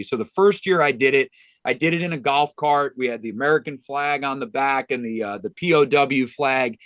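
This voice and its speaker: Male golf pro guest, sincere and chatty, with plenty of restarts, at a mid pitch in a dry, close recording. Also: moderate pace, a bit bright, no echo. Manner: earnest, with frequent restarts and "you know". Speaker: golf club director of instruction, podcast guest. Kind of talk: heartfelt conversational storytelling.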